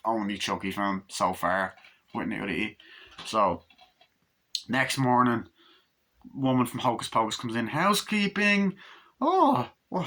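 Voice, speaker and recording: A man in his twenties recapping a horror film in a casual, excitable, rambling way, swearing freely. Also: medium pitch. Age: 20s. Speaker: movie reviewer.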